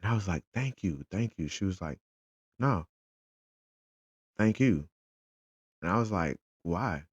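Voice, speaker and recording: A man's voice: deep voice, measured pace, long pauses, husky, no room sound, dull audio. A father, casually retelling his day as a fan and acting out the conversations he had. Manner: animated, retells conversations in quotes. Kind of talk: casual storytelling vlog.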